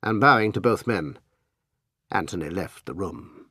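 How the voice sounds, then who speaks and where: A man narrating a classic mystery audiobook with expressive, measured storytelling. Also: deep voice, husky, no room sound, studio quality. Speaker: audiobook reader. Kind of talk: scripted narration.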